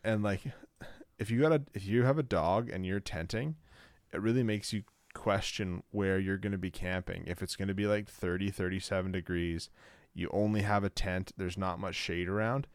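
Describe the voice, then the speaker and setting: A man with a very low voice chatting casually as a co-host. He rambles, restarts his sentences and leans on filler words. The sound is dry and close. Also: steady tone, moderate pace, no room sound. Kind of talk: casual chat.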